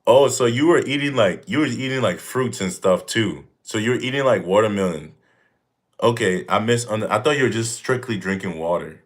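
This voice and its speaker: Male host, 30s, very low voice, emphatic, repetitive and joking in casual livestream chat. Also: normal speed. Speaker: fitness streamer answering viewer questions.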